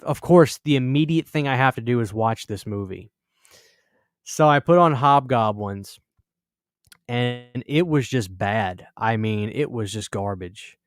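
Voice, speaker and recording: Young guy rambling through a story on his stream, smooth voice, dry close sound. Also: mid-range voice, no echo. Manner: rambling, chatty, acts out quoted voices. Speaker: horror channel host. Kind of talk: casual storytelling to a live stream audience.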